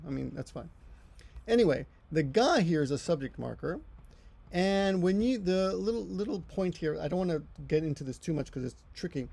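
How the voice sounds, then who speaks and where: A man's voice: fairly high pitch, vocal fry, darkish tone. A middle-aged man giving a casual language lesson, rambling and correcting himself as he explains. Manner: rambling, self-correcting, chatty asides. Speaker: Japanese language teacher.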